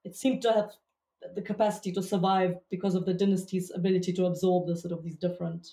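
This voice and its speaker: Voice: medium pitch, little pitch movement, quick pace, dark tone, echoey room. A participant asking a long, tentative question in an academic discussion, hedging and thinking aloud.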